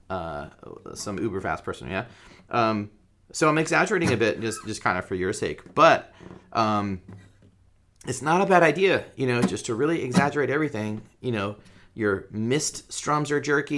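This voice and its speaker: A man's voice: medium pitch, a bit bright. A man teaching a guitar rhythm lesson in a casual, joking way, counting beats aloud while he strums.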